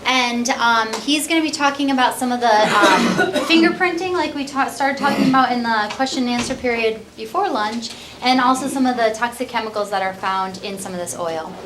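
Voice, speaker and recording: A woman's voice: fairly high pitch, brisk, few pauses, reverberant, background noise. A woman moderating a seminar, introducing the next speaker in a hesitant, informal way. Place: seminar hall.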